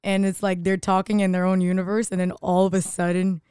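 A woman co-hosting a casual podcast, giggly and animated as she tells stories. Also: medium pitch, a little fast, clean tone, no echo, studio quality.

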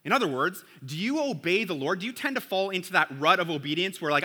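A man's voice: high voice, lively intonation, fast talker, few pauses, pushed and bright, husky. A man preaching a sermon to a church congregation in a casual, conversational way, often checking in with "right?". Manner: conversational, keeps asking "right?". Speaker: pastor.

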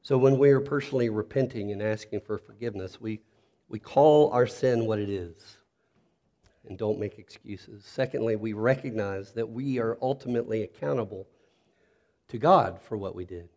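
A man delivering a sermon from the pulpit in a lowish, mellow voice. He talks earnestly through the text, then softens almost to a hush when he turns to his listeners. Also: normal speed. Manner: earnest, drops to soft intimate tone when appealing to listeners. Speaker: pastor.

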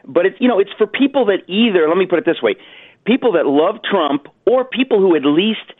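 A man being interviewed as an author, telling a story with animated voices over a phone line. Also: high-pitched, brisk, no echo. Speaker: author guest. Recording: tinny dry phone line.

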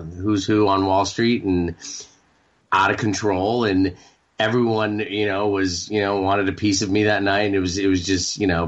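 A man in his forties from Maine, a radio show guest talking candidly, halting and repeating words with many fillers. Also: on the low side, fairly bright tone, muffled recording. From Maine, United States. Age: 40s. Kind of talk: candid interview talk.

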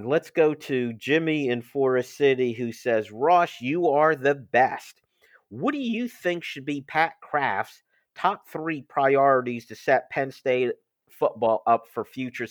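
A man's voice: mid-range voice, dry recording, clean studio sound. A man hosting a sports talk show, reading ads and listener questions with playful emphasis. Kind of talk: casual sports chat and ad reads.

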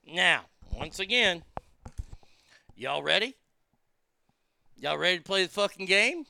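A man hosting his own commentary show in a fairly high, gravelly voice. He rants with sarcasm and frequent swearing, stacking repeated words when he gets heated. His tone is bright and sharp and the sound is smooth and clear. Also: lively intonation, slow pace, dry recording. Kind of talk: ranting political commentary.

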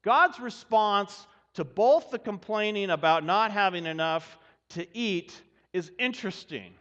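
A male pastor preaching a sermon in a church, in an animated, folksy and humorous way. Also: high-pitched, measured pace. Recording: dull sound with long hall reverb.

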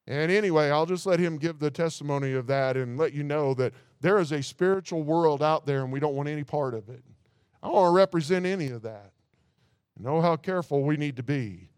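Brief: a male preacher with a high, clear voice, recorded dry and close, reading scripture and questioning the congregation. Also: brisk, darkish tone, no room sound. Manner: reads scripture aloud, breaks off with rhetorical asides. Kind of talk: sermon.

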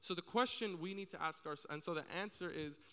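A man's voice: sits high, quick pace, pushed and bright, clean tone, long reverb tail. A man speaking earnestly on a church panel, telling stories and acting out the people in them. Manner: earnest storytelling, acts out quoted voices.

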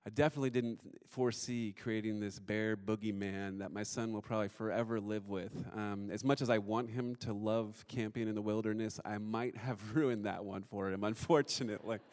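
A man's voice: on the low side, fairly even intonation, fairly quick, few pauses, darkish tone. A man in his thirties telling a personal story to an audience, conversational and self-deprecating, with many fillers.

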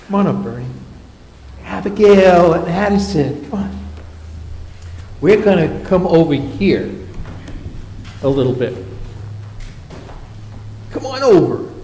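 Slow, playful pastor in an echoey church. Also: male voice, sits high, big pitch swings, warm tone. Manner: playful, coaxing, talks to children. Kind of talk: children's moment in a church service. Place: church sanctuary.

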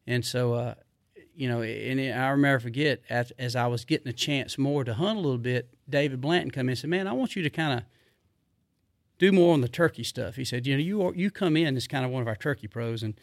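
A man's voice: medium pitch, brisk, no room sound, clean studio sound. Rambling man telling stories. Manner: rambling, animated, drawling Southern speech with repeated fillers. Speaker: podcast guest. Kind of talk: casual storytelling.

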